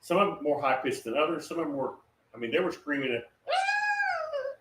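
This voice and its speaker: In a fast, slightly bright voice on the high side, a man shares a prophetic dream as a guest, telling it casually and ramblingly with plenty of fillers and restarts. He's captured on a distant mic in a roomy space with faint background noise.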